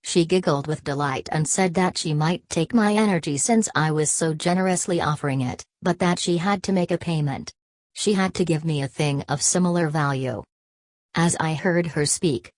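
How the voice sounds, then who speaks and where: A woman reading a first-person story aloud in an even, measured way. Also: low-pitched, dry recording. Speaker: audiobook reader. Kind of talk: first-person audiobook narration.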